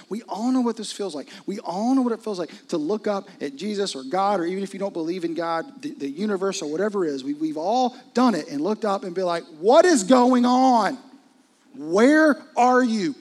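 A man preaching a sermon in a conversational, intimate way, often dropping into hushed asides. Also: sits high. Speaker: pastor.

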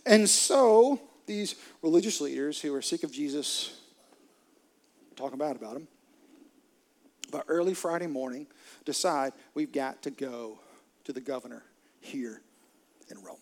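A man preaches a sermon as a dramatic storyteller, his slightly high voice sinking to hushed near-whispers and then swelling into loud bursts. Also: unhurried, pauses often. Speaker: pastor.

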